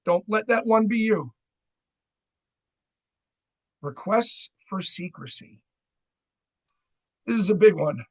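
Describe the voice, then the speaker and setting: The speaker is a middle-aged credit union fraud educator from New Jersey, his voice high-pitched, expressive and a little slow. He talks with his seminar audience about fraud, repeatedly asking "right?", and the recording quality is rough.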